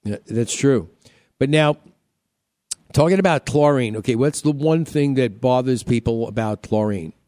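A man's voice: mid-range voice, moderate pace, warm tone, no room sound, studio quality. A man hosting a home-repair radio show, talking casually, repeating himself and cracking jokes. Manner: chatty, repeats himself, joking.

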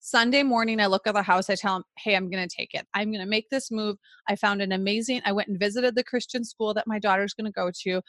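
A woman, co-hosting a podcast and telling a story in animated, casual chat full of "like" fillers. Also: mid-range voice, fast, few pauses, no echo. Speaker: podcast co-host.

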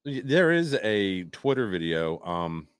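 A man co-hosting a live talk show, reading news stories aloud with halting restarts and casual asides. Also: low voice, sing-song, clean tone, dry recording, studio quality. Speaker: podcast co-host. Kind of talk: casual live-stream chat.

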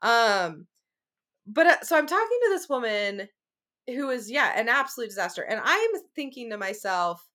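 A woman in her forties chatting casually as a podcast guest, talking in animated, frank rants with some swearing. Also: a little high, moderate pace. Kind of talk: casual conversational chat.

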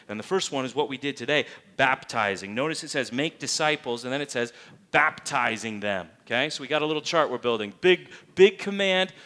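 A man's voice: medium pitch, pushed and bright. A man preaching a sermon in a church as its pastor, emphatic and full of rhetorical questions.

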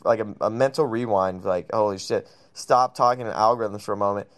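A man's voice: lowish voice, brisk. A man talking as a guest in casual chat, brash and heavy on swearing. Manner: brash, profane, swaggering.

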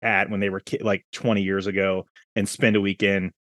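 A man's voice: deep voice, little pitch movement, a little fast, a bit bright, no echo, studio quality. A man hosting a casual movie podcast, talking in a rambling way and laughing as he speaks. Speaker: podcast host.

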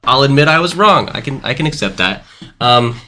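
A man's voice: medium pitch, animated, brisk, pushed and bright. A man co-hosting a casual movie review podcast, rambling and correcting himself as he goes. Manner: rambling, self-correcting, hedging. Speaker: podcast co-host.

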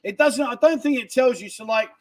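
A middle-aged man with a notably high-pitched voice, chatting casually on a livestream. He banters cheekily with viewers as he works through their comments, sounding short on sleep. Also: fairly quick. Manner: cheeky, banters and laughs while reading comments. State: tired from lack of sleep. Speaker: livestream host.

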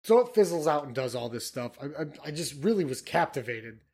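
Rambling, profane man, slightly high voice. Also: big pitch swings, brisk, darkish tone, slight background noise. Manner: rambling, profane, filler-heavy. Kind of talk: casual history chat.

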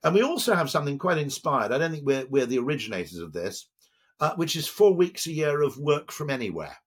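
An older British man talking in a lively, rambling way as a podcast guest, often checking in with "okay?". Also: fairly high pitch, brisk, slightly rough. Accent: British English. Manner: animated, digressive, tags lines with "okay?". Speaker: guest, advertising executive.

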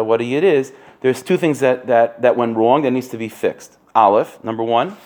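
A man giving a casual Torah class, animated and full of restarts, sprinkling in Hebrew and Yiddish terms. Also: medium pitch. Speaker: Torah teacher.

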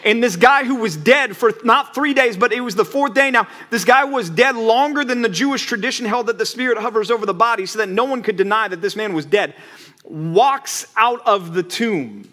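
A man preaching from the pulpit, his voice sitting a little higher than most men's. He talks in a conversational way, asks his listeners rhetorical questions, and acts out the quotes he tells. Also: moderate pace, sharp tone. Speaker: pastor. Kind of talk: sermon.

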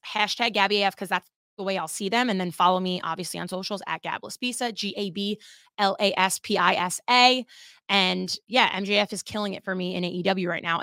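A woman hosting a wrestling podcast in a casual, chatty monologue, animated and swearing freely. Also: mid-range voice, no room sound, clean studio sound.

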